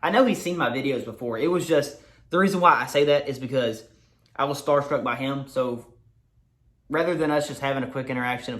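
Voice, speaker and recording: A man telling an excited, swear-filled story to the camera in a casual vlog. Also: mid-range voice, fairly quick. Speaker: vlogger.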